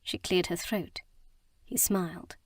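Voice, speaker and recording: A woman narrating a romance audiobook in a calm, even storytelling manner. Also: on the low side, a little slow, dry recording, studio quality.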